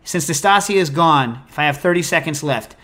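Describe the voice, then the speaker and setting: Animated, opinionated man hosting a show. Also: a little high, fairly quick. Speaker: host of a food call-in show. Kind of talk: casual chat, answering listener questions.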